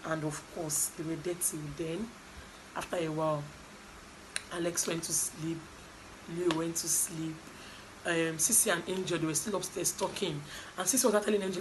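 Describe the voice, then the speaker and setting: A woman's voice: on the low side, moderate pace, background noise. Chatty Nigerian woman vlogger. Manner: animated, chatty storytelling with asides. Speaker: vlogger recapping a reality show. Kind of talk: casual gossip recap.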